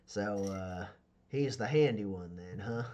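A man's voice: fairly low pitch, slow pace, pitched below the performer's own voice. A man voicing a tough, commanding female gang boss who barks orders at her crew. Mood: gruff approving. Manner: barking orders, loud and threatening.

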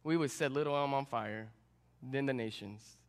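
A young adult man, a student pastor, preaching a sermon and telling a personal story with animated, self-deprecating humor. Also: mid-range voice, normal speed. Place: church sanctuary. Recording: long reverb in a church hall.

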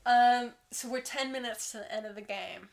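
A woman's voice: a little high, fairly even intonation, moderate pace, noisy background. Laid-back young woman recapping a film. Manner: laid-back retelling, swears freely. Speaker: podcast co-host. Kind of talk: casual chat recapping a film.

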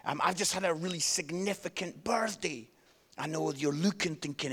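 A man, preaching a sermon with animated storytelling and self-deprecating humor. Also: on the high side, moderate pace, husky. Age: 50s.

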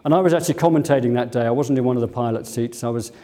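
A man's voice: medium pitch, rapid-fire, mellow. An older man, a former Concorde pilot, telling chatty stories at a museum talk with easygoing filler words. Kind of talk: anecdotal storytelling talk.

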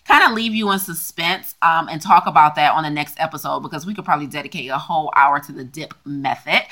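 A woman co-hosts a casual podcast, speaking as a health coach with a slightly low-pitched voice. She talks in long, lively runs and leans hard on her emphatic points. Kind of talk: casual chat and show promotion.

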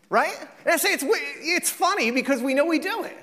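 A man preaching a sermon as a pastor, in a conversational, joking way with quick acted-out asides. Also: very high-pitched, big pitch swings, fairly bright tone. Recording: long hall reverb.

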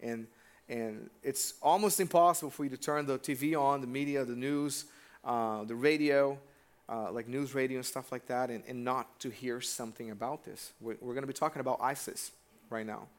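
A male pastor giving a relaxed, conversational sermon in a church. His voice sits at a medium pitch, and he talks directly to the congregation and throws questions at them. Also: moderate pace.

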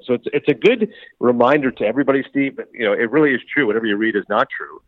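A middle-aged man from Canada, a sports broadcaster chatting as a guest in an interview, who talks quickly and acts out the dialogue he quotes. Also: mid-range voice, lively intonation, no room sound. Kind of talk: casual interview chat. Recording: tinny phone-like line.

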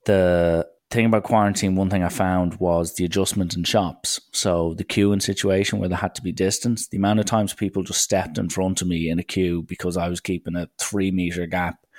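Young Irish man, low voice, animated storyteller who jumps into other people's lines. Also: moderate pace. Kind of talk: casual anecdote monologue.

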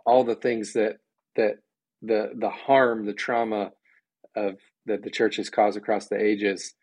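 A man's voice: on the low side, no echo. Enthusiastic man, dry close recording. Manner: enthusiastic, acts out quoted voices. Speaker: podcast guest, church ministry director. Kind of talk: conversational interview.

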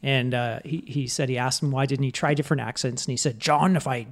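A man's voice: medium pitch, fairly even intonation, fast. A man co-hosting a podcast, joking around in casual chat and laughing a lot. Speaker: podcast co-host.

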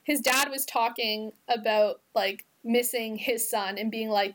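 A woman's voice: fairly high pitch, fairly even intonation, measured pace, a bit bright. A woman co-hosting a podcast in casual chat, talking with lots of "like" and easy fillers. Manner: chatty, many fillers. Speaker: podcast co-host.

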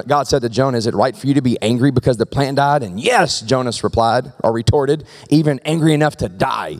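A man preaching a sermon in a lively, conversational way, often asking the congregation questions. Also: medium pitch. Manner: animated, conversational preaching with rhetorical questions to the crowd. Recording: long reverb of a large hall.

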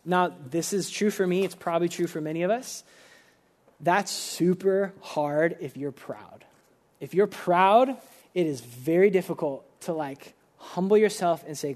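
A young man preaching in a loose, chatty way, leaning on "like" as he works through his thoughts. His voice sits high for a man. He sounds earnest and informal rather than polished. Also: lively intonation, normal speed, darkish tone. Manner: conversational, frequent filler "like", earnest. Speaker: pastor. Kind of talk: casual sermon.

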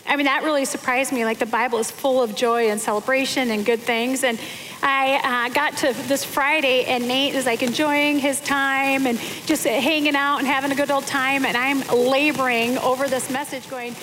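A woman's voice: high-pitched, steady tone, normal speed, fairly bright tone, a little hiss or hum. A woman in her forties giving a sermon, telling stories in a chatty, self-deprecating way with many fillers. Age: 40s. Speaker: pastor's wife preaching. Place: church hall. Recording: long hall reverb.

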